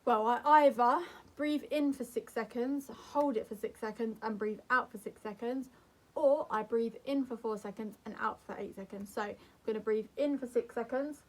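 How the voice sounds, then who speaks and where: A young woman speaks to camera in a gentle, earnest way. Her voice sits a little high, and she keeps a calm, soothing tone as she gives advice. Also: moderate pace. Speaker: mental health vlogger.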